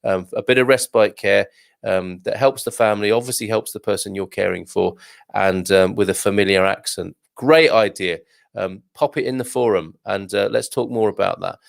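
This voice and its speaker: A man's voice: lowish voice, moderate pace, vocal fry, no echo. A man hosting a casual live show, reading out viewer comments and chatting back in a jokey way with lots of fillers and restarts. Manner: reads viewer comments aloud.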